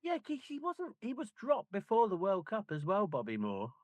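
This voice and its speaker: A man's voice: sits high, wildly swooping pitch, no room sound. A man co-hosting a casual chat about a football book, trading wry jokes. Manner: wry banter, quick jokes. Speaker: podcast co-host.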